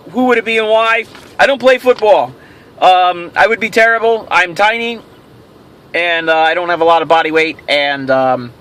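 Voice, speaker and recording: Man, very high pitch, bright tone, rambling vlog host, jokey, self-amused. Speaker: host of a toy show. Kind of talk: casual question-and-answer vlog.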